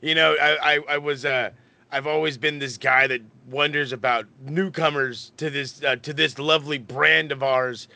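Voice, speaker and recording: A man hosting a comic wrestling podcast with a bright, gravelly voice that sits on the high side. His delivery is playful and hammy. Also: steady tone, moderate pace. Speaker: podcast host.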